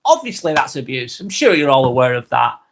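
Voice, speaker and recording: A man's voice: mid-range voice, big pitch swings, brisk, fairly bright tone. Blunt Northern English man, live vlog. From England. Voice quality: blunt, swears freely. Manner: chatty, repeats points, thanks viewers. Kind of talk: casual live-stream talk.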